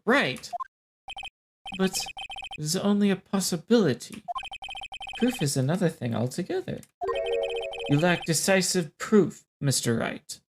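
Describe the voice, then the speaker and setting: Lady doing a smug low-voiced villainess w/ a put-on accent, slow and taunting, music in back. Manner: slow, calm, taunting delivery. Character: cool, smug woman culprit, a producer. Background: game music.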